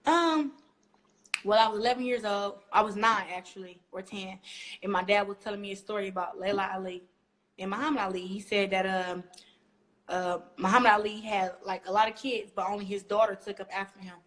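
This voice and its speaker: Speaking briskly at a medium pitch, a young guest boxer from Flint, Michigan, USA, chats casually in an interview. She acts out quotes as she tells her stories with animation.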